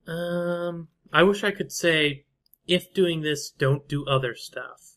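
A man's voice: on the high side, slow pace, fairly bright tone. A man casually commentating his own strategy game play, thinking aloud and trailing off with fillers and half-finished thoughts. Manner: musing to himself, trailing off with fillers. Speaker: gameplay commentator.

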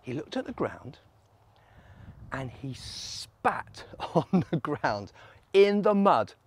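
A man leading family worship as a vicar, telling a Bible story in an animated, playful way with props. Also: fairly high pitch, slow pace, husky. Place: church.

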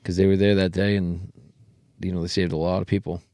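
Low-voiced young man chatting. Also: little pitch movement, brisk, mellow, dry recording, clean studio sound. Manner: rambling, acts out quotes. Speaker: podcast co-host. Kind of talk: casual chat.

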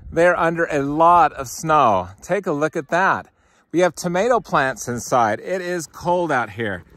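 Breathless bright-voiced farmer filming himself. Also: male voice, a little high, expressive, unhurried, no room sound. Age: 40s. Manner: upbeat, addresses viewers as guys. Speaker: farmer and channel host. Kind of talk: casual walk-and-talk farm vlog. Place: outdoors in snow and inside a greenhouse. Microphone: handheld camera, filming himself.

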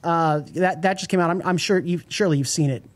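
Interview host, playful, joking, casual chat, middle pitch. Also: fast.

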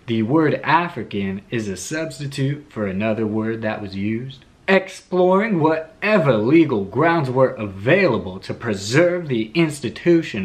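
A man from California narrating a history video in a put-on Southern US accent, with wry, sardonic asides. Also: medium pitch. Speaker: history channel host. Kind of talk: scripted narration.

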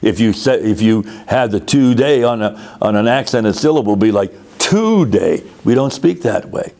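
A man's voice: on the low side, mellow. A man teaching a conducting lesson, patient and explanatory, often repeating words as he goes. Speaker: music teacher.

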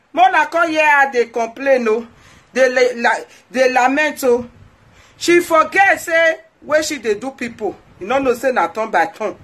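A woman's voice: high-pitched, a bit bright. A woman with a Nigerian Pidgin accent, hosting her own show and scolding someone in an indignant rant, repeating phrases for emphasis. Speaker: host. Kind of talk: ranting monologue to followers.

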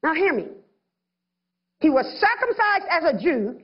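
A woman's voice: extremely high pitch, big pitch swings, unhurried, long pauses, dull audio. A woman pastor preaching a sermon, acting out little voices of others as she goes.

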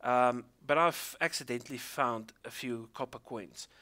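South African male host, bright voice, chatty, hesitant delivery. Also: medium pitch, unhurried. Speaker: interviewer. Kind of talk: casual interview.

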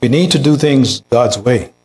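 A man's voice: medium pitch, moderate pace, a little mellow, poor audio. A pastor preaching a sermon in a church, earnest, lifting his voice to act out quoted words. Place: church sanctuary.

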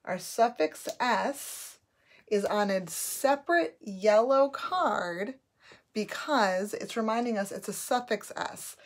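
Slow, patient woman phonics teacher. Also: mid-range voice. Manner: slow, patient, sounding out letters clearly. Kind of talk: phonics lesson, repeat-after-me drills.

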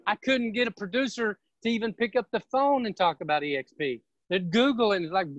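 A man, a real estate team leader, giving an energetic and emphatic motivational seminar talk. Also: high-pitched, quick pace, few pauses, no room sound, muffled recording.

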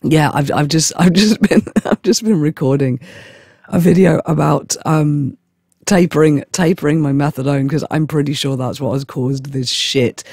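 A man with a hoarse voice from a chest infection rambles to camera with giggles and stammering restarts. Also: fairly high pitch, normal speed, a little mellow, no echo, studio quality. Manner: giggly, stammering, self-mocking. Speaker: vlogger. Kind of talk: rambling casual monologue.

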